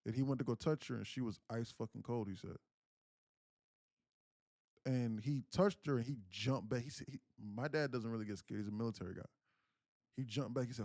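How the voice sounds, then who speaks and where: A man in his thirties, host of a livestream, speaks candidly and earnestly while recounting a family story. His voice sits at a medium pitch. The recording is dry, with no room echo. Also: a little fast, long pauses, a little mellow. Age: 30s. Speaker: day trading livestream host.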